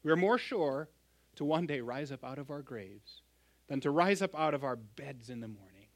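A middle-aged pastor preaching to his church in an earnest, emphatic way. His slightly higher man's voice rises on stressed words and drops to a hush at the ends of lines. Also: animated, moderate pace. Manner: earnest, emphatic, swings from loud to hushed. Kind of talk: sermon.

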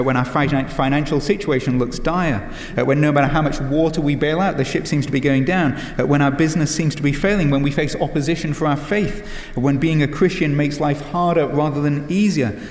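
A man's voice: a little high, darkish tone. Pastor, male, earnest sermon delivery with filler "uh"s, in a roomy hall with long reverb. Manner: earnest, many "uh" fillers and restarts, rhetorical questions.

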